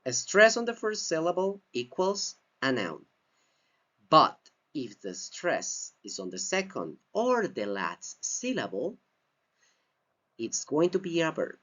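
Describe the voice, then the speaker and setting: This male English teacher takes his time through a grammar lesson built on slides, speaking deliberately and repeating important phrases to stress them. His slightly bright voice swings hugely in pitch, and the audio comes across as dull and lo-fi.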